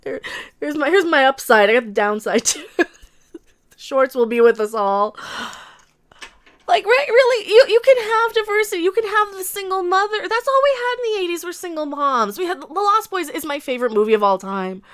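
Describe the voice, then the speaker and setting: High bright-voiced woman ranting emotionally. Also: sing-song, a little fast. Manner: emotional, ranting, swearing, laughing between lines. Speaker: livestream host reacting to a trailer. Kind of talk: livestream reaction and rant.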